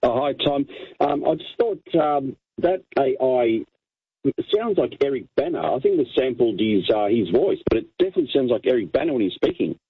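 A man calling in to a talk radio show, speaking casually with pauses. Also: mid-range voice, expressive, slightly rough, no echo. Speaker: caller. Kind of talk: phone-in call. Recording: tinny distant phone line.

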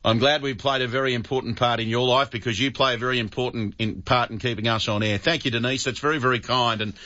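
An Australian radio host chats easily with callers, friendly and quick to call them mate. His voice is bright and forceful. The broadcast sound is a little dull. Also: mid-range voice, fairly even intonation. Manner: chatty, friendly, says mate often. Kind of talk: talkback radio chat.

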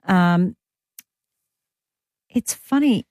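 A radio host with an Australian accent keeps her talkback show casual, chatting, teasing, and joking freely with callers and her producer. Her mid-range voice has lively intonation and a slightly mellow quality. The studio microphone delivers clean sound without echo.

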